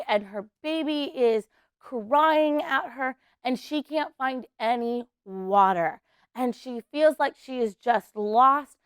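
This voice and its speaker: A woman teaching preschoolers at church, telling a Bible story in an animated way and getting the kids to act along. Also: high voice, clear, resonant tone, no room sound, studio quality. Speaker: children's ministry teacher.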